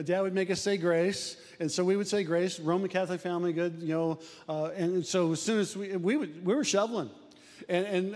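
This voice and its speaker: An older man with a high voice preaches to his church, folksy and storytelling, stumbling over repeated words. His voice rings out with a long reverb, as in a big hall. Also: darkish tone. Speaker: pastor. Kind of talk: sermon.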